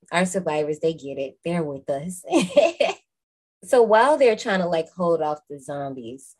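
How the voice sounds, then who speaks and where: A woman hosting a podcast, recapping a movie in a lively, slangy, casual way with some swearing. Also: deep voice. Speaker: podcast host.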